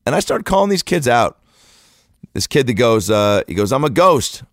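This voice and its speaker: A man's voice: mid-range voice, sing-song, normal speed, dry recording, clean studio sound. A man telling a comedic story in a loose, profane, rambling way.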